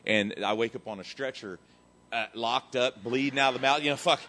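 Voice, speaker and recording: A middle-aged man giving a profane, animated recovery testimony that swings between loud and quiet. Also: medium pitch, fairly quick. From Texas. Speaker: recovery speaker.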